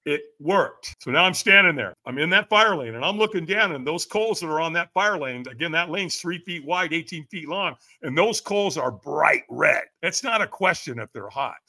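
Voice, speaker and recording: A man spins a personal story as a guest, his pitch leaping all over as he acts out the people in it. His voice is fairly high and bright, pushed forward with emphasis. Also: expressive, normal speed, hardly any pauses. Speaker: podcast guest. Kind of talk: animated storytelling.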